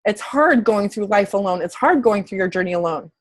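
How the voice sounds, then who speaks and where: A woman fitness coach in her thirties talks to camera in a candid, chatty motivational way, swearing casually. Her medium-pitched voice is expressive and fairly quick.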